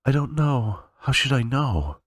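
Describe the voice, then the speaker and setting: An upset grown woman, bitter and weepy, as a man reading aloud puts her on. Her plaintive voice sits well above his own low register. The sound is dry and close. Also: animated, fairly quick, no echo.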